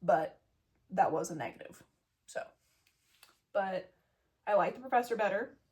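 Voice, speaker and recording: A woman's voice: mid-range voice, measured pace, darkish tone. A young woman telling a story as a vet student in a casual vlog, blunt, self-mocking and full of swearing. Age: young adult.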